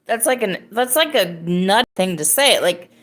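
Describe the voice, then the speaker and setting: A woman's voice: medium pitch, expressive, unhurried, fairly bright tone. A woman in her thirties hosting a podcast, telling a story casually and rambling with many fillers and restarts. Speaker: podcast host.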